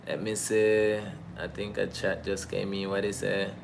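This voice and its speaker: A man's voice: low voice, level tone, unhurried, creaky, background noise. A man with a Caribbean Creole accent, chatting casually on a livestream and reading comments from chat. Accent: Caribbean English Creole. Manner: laid-back, rambling, reading chat aloud. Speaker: livestream host.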